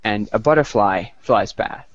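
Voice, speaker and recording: A low-voiced man with a British-sounding accent, chatting casually with friends and happily telling a joke. The sound is dry and a touch muffled, like a modest mic. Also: a little slow, no echo. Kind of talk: casual chat.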